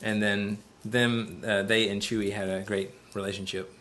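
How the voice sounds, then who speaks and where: A man's voice: lowish voice, little pitch movement, normal speed, a bit bright. A man hosting a podcast in casual, rambling, jokey chat about films, breaking into silly voices now and then. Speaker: podcast host.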